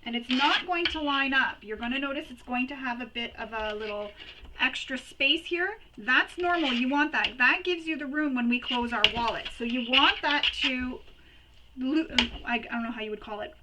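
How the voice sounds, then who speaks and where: Higher-voiced woman explaining sewing steps. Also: normal speed, background noise. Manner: chatty, repeats and recaps steps. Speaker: sewing tutorial host. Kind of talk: step-by-step sewing tutorial.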